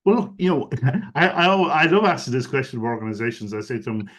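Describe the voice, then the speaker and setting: A man's voice: medium pitch, quick pace, few pauses, a bit bright. Man explaining at length on a webinar. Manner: fluent, many "you know" fillers, explanatory. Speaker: guest expert on digital strategy. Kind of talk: webinar interview answers. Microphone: video call.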